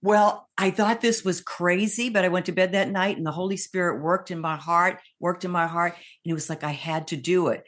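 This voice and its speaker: An older woman with a low voice tells her stories with lively energy, easily slipping into bits of other voices as she goes. She talks casually, as a guest being interviewed. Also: fairly quick, few pauses. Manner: lively, animated storyteller who slips into voices. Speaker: guest, comedian and impressionist.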